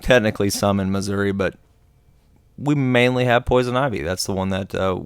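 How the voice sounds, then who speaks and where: A man's voice: fairly low pitch, a little fast, clean tone, no room sound. A man who instructs in outdoor skills, chatting on a podcast in brief replies with a dry, sarcastic touch. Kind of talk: casual podcast chat.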